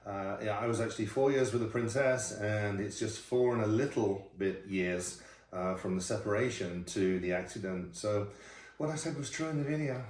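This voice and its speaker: A man's voice: on the low side, moderate pace, a little mellow. A middle-aged man, a former royal chef, chatting through viewer questions in a laughing, self-deprecating way. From United Kingdom. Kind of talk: casual Q&A chat. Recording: roomy sound from a distant mic.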